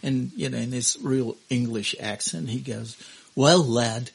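An older man, telling stories from his music life as a podcast guest, reflective and given to soft laughs. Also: medium pitch, normal speed, creaky, breathy edge, rough recording. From Australia. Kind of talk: storytelling interview.

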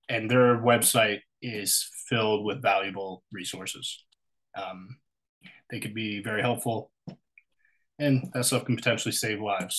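A man's voice: lowish voice, a bit bright, poor audio. A man co-hosting a podcast in casual chat, upbeat and encouraging as he speaks straight to listeners. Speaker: podcast co-host.

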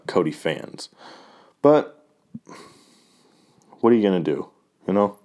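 A man's voice: on the low side, darkish tone. A man giving a loose, rambling and profane recap of fight results, full of fillers and restarts. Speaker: fight fan recapping a card. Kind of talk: casual talk.

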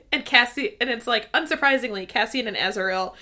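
A woman's voice: on the high side, moderate pace, bright, forceful tone. Giggly, gushing woman chatting about books. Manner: gushing and giggly, heavy "like" fillers. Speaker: podcast co-host. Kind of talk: casual book discussion chat.

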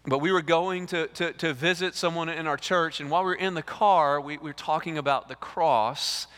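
A male lead pastor, preaching a sermon in an animated way, repeating words and acting out dialogue. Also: a little high, normal speed, clear, resonant tone. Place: church sanctuary. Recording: reverberant church hall.

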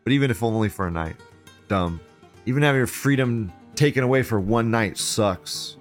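At a normal speed, with soft music in the background, a man hosts an online show and reads forum posts aloud. He reacts with heavy swearing and sarcasm, swinging between loud mockery and low muttering.

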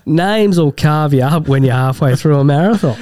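Australian male podcast co-host, blunt and sweary, mellow tone. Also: a little high, lively intonation, moderate pace. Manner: blunt, swears freely, laughs often. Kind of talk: casual banter.

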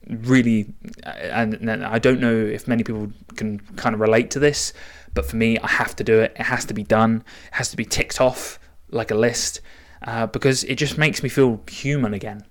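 Casual, rambling man hosting a solo podcast. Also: on the low side. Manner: casual and rambling, with frequent restarts and an excited edge. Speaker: podcast host.

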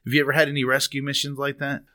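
A man hosting a podcast, telling a funny story in a lively, laughing way. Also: mid-range voice, racing. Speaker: podcast host.

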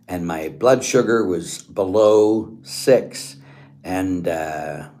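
Deep-voiced priest giving an earnest talk. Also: male voice. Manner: earnest and conversational, dropping to a hushed tone in reflective passages. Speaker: Catholic priest. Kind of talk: informal spiritual talk.

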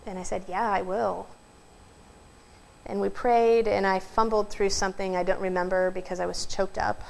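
Earnest woman preaching, gravelly edge. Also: mid-range voice, level tone, darkish tone, low-quality recording. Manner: storytelling, earnest, slows for emphasis. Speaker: pastor. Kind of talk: sermon.

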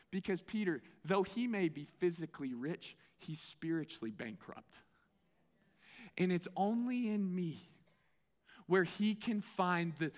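A man voicing a calm, patient male spiritual teacher who speaks softly and reassuringly. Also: long reverb tail. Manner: soft, low, gentle and reassuring.

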